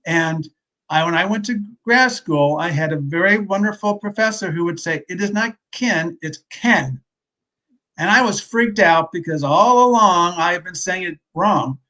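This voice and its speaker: High-voiced man explaining reading instruction. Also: normal speed, sharp tone. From US West Coast. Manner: explanatory, conversational. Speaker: literacy expert guest. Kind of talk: casual panel discussion.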